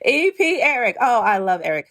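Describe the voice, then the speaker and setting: A woman's voice: fairly high pitch, moderate pace. A middle-aged woman, a reality show cast member, talking earnestly and pointedly in an interview, acting out what others said. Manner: earnest, pointed, quotes others in lively voices. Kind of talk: emotional interview talk.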